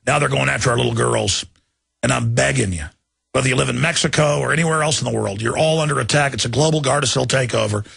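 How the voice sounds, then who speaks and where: A man's voice: medium pitch, fast, vocal fry, a bit bright, slightly rough, dry recording. A man hosting a talk radio show, delivering an urgent, indignant monologue and pleading with his listeners.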